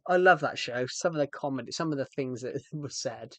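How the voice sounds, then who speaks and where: Speaking fairly quickly at a medium pitch with few pauses, a man chats on a live stream. He's rambly and playful, often stopping mid-sentence to start over, and the recording has no room sound.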